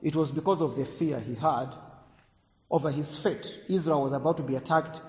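Preacher man in an echoing hall. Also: on the high side. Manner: dramatic swings between loud emphasis and quiet asides. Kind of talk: sermon. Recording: echoey hall, long reverb.

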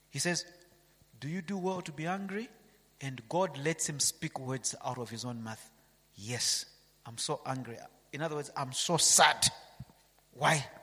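A man's voice: on the high side, bright, forceful tone, slightly rough, long reverb tail. A man preaching a sermon, reading scripture aloud and asking his listeners rhetorical questions.

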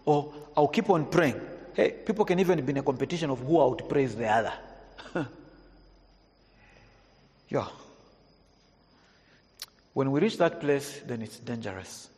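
A male pastor preaches a sermon in a church. He swings between hushed, low passages and raised, emphatic preaching. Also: vocal fry. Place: church hall. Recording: long hall reverb.

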